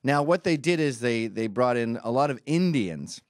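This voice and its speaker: A man's voice: medium pitch, animated, normal speed, no room sound, clean studio sound. A man from Britain giving a sarcastic, mocking comedic rant over a video clip. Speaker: commentator.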